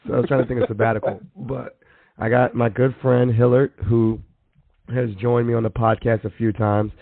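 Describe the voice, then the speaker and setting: A man's voice: mid-range voice, level tone, moderate pace, creaky, no room sound. A man hosting a casual podcast chat, easygoing, stumbling over words and laughing at himself. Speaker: podcast host. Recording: phone-like narrow sound.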